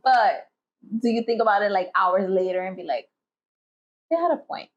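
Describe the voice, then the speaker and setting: A woman's voice: mid-range voice, moderate pace. A woman co-hosting a podcast in casual chat, a laid-back storyteller who swears casually. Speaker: podcast co-host. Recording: slightly muffled lo-fi audio.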